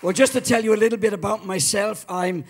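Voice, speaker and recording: A man's voice: high-pitched, a little fast, a little hiss or hum. A Welsh man in his seventies preaching a sermon as a guest pastor, telling stories with exuberance and rallying the congregation. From Wales. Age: 70s. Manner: exuberant storyteller, rallies the crowd. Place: church.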